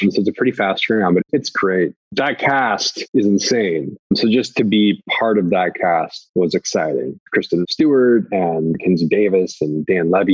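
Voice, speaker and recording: A man, an actor, telling lively anecdotes in an interview and slipping into quick impressions of other people. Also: deep voice, husky, dry recording, muffled recording. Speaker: actor guest.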